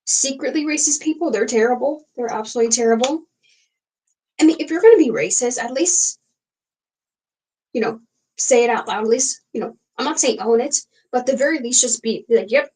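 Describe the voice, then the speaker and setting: A woman's voice: on the high side, darkish tone, poor audio. A young woman hosting a casual late-night livestream, talking frankly and rambling with many fillers and restarts. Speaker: livestream host.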